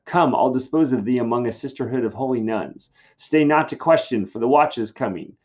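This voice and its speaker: A teacher reading an anxious old friar. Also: male voice, mid-range voice, fairly quick, dull audio, close to an everyday voice. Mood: urgent. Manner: reading aloud from a play script. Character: anxious old male friar urging flight.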